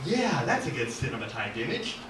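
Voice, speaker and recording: A man reading from his own novel at an open mic in an art gallery, animated, with asides and self-corrections. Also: mid-range voice, a little fast, a little hiss or hum. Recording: echoey gallery from far off.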